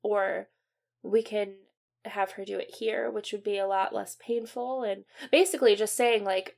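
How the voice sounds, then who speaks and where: A young woman hosting a podcast, recounting a personal story in a halting way, full of fillers and restarts, dropping quiet at the sad parts. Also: medium pitch, steady tone, vocal fry. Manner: quiet and subdued at sad moments. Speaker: podcast host.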